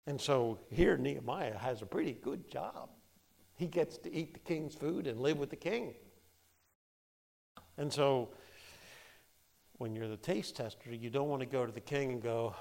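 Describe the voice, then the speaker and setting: A man teaching a Bible study, reading scripture aloud and explaining it in a lively, conversational way. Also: medium pitch, measured pace, creaky, long pauses. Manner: lively, conversational, acts out quotes.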